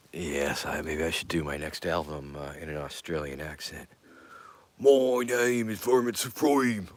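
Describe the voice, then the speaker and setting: A man with a rumbling low, slightly bright voice hosts a casual live-stream show. His talk is an offhand ramble packed with fillers, and he often falls to a whisper or mutter.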